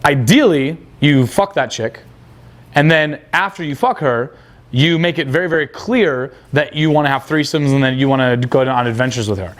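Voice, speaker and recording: A man's voice: mid-range voice, moderate pace. A young man coaching on dating, blunt and crude, acting out quoted dialogue. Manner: blunt, casual, crude slang. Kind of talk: coaching talk.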